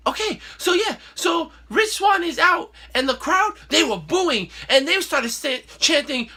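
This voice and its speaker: Bright high-pitched excitable male host. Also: a little slow, few pauses. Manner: excitable, playful. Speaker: show host. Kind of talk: casual wrestling recap.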